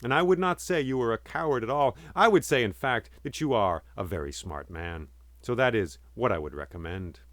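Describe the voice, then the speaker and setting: A man's voice: mid-range voice, expressive, normal speed, fairly bright tone, dry recording, lightly acted. A man voicing a cautious guide who speaks in a chatty, reassuring way. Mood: persuasive. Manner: conversational, reassuring. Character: cautious, kindly male castle guide.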